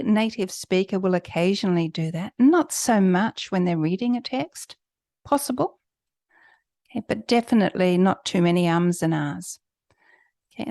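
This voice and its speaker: A woman who is a native English speaker, tutoring for an English test with clear, explanatory talk and slowed emphasis. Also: mid-range voice, darkish tone, dry recording, studio quality. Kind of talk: online teaching.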